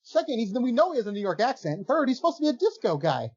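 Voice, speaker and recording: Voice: medium pitch, very animated, fast, a little mellow, husky, highs cut off. A co-host making dry, sarcastic asides in a casual wrestling podcast chat.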